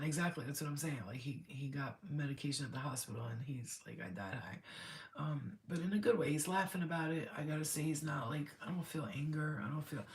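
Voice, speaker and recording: A woman medium giving a live channeled reading, rambling and emotional as she speaks to a spirit and to her client. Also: deep voice.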